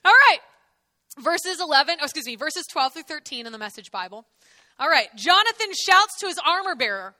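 A woman teaching a Bible lesson in a very high, bright voice. She keeps it lively and jokey, acting out the characters as she goes, and the recording is dry and close. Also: fairly quick, no room sound.

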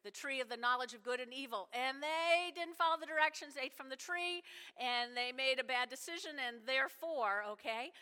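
A woman pastor preaching a sermon, telling animated stories and talking directly to her congregation. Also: sits high, normal speed, smooth. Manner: animated storytelling with asides to the congregation. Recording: hall reverb.

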